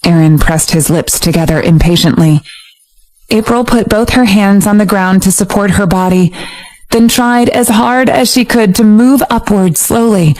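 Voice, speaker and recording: A woman narrating a romance audiobook in a steady, even storytelling voice. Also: mid-range voice, poor audio. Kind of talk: scripted narration.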